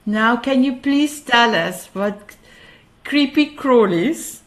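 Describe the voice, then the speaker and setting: Woman host hyping up guests, slow talker, highish voice. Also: lively intonation. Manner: effusive, encouraging, calls guests "my girl". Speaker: show host. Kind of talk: hosting a panel show.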